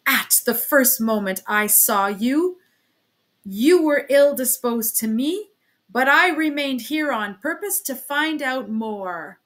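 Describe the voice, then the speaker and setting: A woman's voice: on the high side, pitched above the performer's own voice. A woman reading as a pompous offended man. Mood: indignant. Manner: stiff, halting, indignant. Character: proud pompous middle-aged man, offended and wordy.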